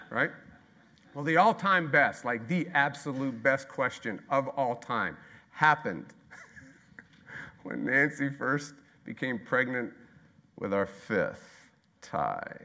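A man in his thirties preaching a sermon as pastor, moving from loud, emphatic repeated lines to quiet, slow asides. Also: medium pitch, very animated.

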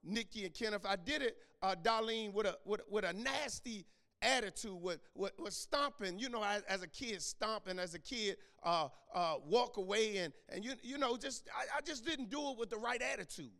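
A man preaching a sermon in a church, repeating and restarting phrases, calling out members by name and rising to shouts. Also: sits high, normal speed. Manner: repetitive stammering restarts, names congregants, builds to shouting. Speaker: pastor. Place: church sanctuary. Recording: long hall reverb.

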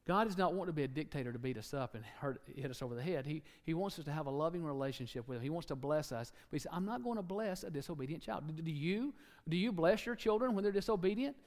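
A man preaching a sermon, animated, acting out quotes and joking with the congregation. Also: a little high, quick pace, in a large hall.

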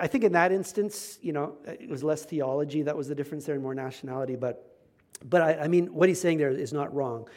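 Male pastor, relaxed sermon delivery, slightly high voice, punchy emphasis. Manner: conversational, emphatic, self-deprecating asides.

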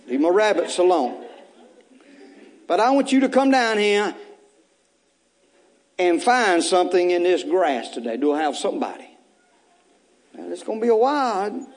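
A man with a high, animated voice preaches an Easter sermon at normal speed, pausing often. He repeats phrases to spur the congregation on, breaks in with casual, joking asides, and delivers his exhortations in bursts of raised intensity.

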